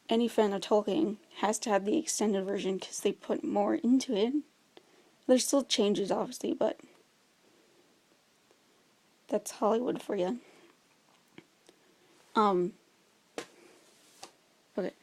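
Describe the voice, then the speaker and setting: A young woman talks through her favorite films in a relaxed, chatty way. Her voice is mellow and warm rather than bright, with an even middle pitch. She gushes with enthusiasm and fills her pauses with ums. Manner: chatty, enthusiastic, many fillers. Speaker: vlogger. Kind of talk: casual chat about favorite movies.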